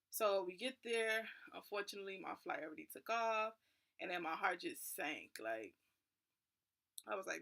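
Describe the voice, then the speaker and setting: A young woman tells a story in a casual vlog with a bright, clear voice. She sounds a little nervous and fills her sentences with "like." She talks at a relaxed, chatty pace. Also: medium pitch, normal speed. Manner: nervous, constantly saying "like". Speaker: vlogger.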